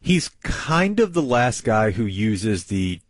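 A man's voice: fairly low pitch, slow, no echo. A man co-hosting a casual sports talk show, thinking aloud in an easygoing way. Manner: relaxed, thinking aloud with fillers. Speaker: co-host.

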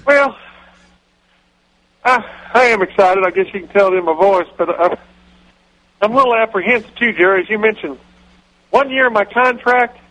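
A man voicing a dim, rambling football coach who talks in a slow, dopey drawl. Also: high voice, pushed and bright, poor audio. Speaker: impression on a radio comedy bit.

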